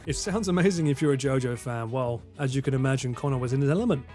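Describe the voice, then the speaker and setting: Chatting over game music on his live stream, a fortysomething man from Essex speaks quickly in a mid-range, somewhat mellow voice. Swearing, joking and frequent laughter run through his talk.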